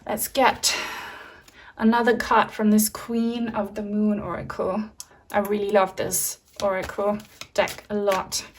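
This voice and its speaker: A woman talking through a pick-a-card tarot reading in a loose, chatty, reassuring manner. Her voice sits at an ordinary middle pitch and is full of fillers. She is picked up from a little distance, so the mic sounds set back. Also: level tone, measured pace. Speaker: tarot reader.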